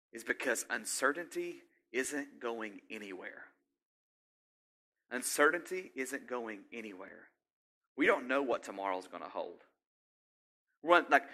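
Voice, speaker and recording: A middle-aged pastor with a medium-pitched voice preaches conversationally, often putting questions to the congregation and building up to loud exhortation.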